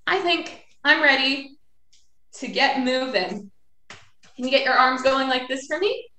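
A woman, a children's librarian, leading a live video session for kids with animated chants, songs and movement games. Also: high voice, unhurried. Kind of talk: kids' story and activity time. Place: home, live video stream. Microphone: video call. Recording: echoey room.

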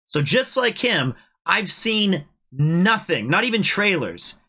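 A man hosting a gaming stream, upbeat and quick to laugh, chatting casually with his guest. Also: high-pitched, very animated, pushed and bright, husky. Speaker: host.

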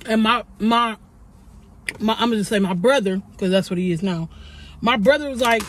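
A young adult woman vlogger telling a story while eating on camera, animated and swearing freely. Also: medium pitch, normal speed, long pauses, a little hiss or hum.

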